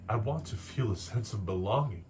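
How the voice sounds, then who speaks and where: Twenties male artist, low-pitched, raw and rambling confessional delivery, faint background noise. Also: expressive, a little fast, a little mellow. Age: 20s. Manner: emotional, rambling, self-doubting, swears casually. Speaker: artist vlogger. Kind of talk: candid confessional vlog.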